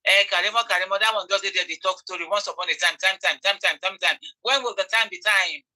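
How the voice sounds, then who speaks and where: A woman's voice: mid-range voice, fast, sharp tone, poor audio. A Nigerian woman giving impassioned commentary, repeating phrases for emphasis and pleading with her audience. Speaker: online commentator.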